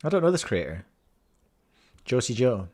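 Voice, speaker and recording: A man's voice: mid-range voice, big pitch swings, normal speed, darkish tone, husky. A married man, hosting a podcast and chatting casually as he reacts to videos with playful, jokey asides. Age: adult, married.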